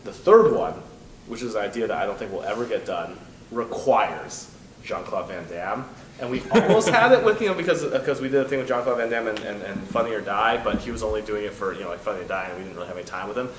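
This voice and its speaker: A man's voice: lowish voice, animated, fast. A man telling a long story as a panel guest at a convention, rambling with lots of fillers and restarts. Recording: echoey hall from far off, noisy.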